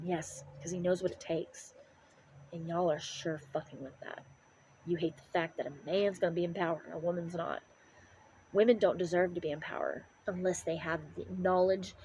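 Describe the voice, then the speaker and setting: A woman's voice: on the low side, darkish tone, a little hiss or hum, poor audio. A middle-aged woman ranting to the camera in an angry, profane, preaching way. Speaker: vlogger.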